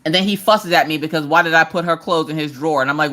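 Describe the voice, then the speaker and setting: Talking at a quick pace with hardly any pauses, a woman in her thirties hosts a relaxed live stream, chatting through stories as she works on a craft. Her voice sits low with a fairly bright tone, and she acts out quotes in different voices.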